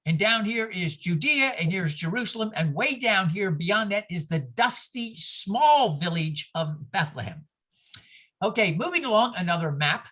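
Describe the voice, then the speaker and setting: An older New Yorker teaches a class over a video call, animated and digressive, sprinkling in anecdotes and asides. His voice is high and his speed normal.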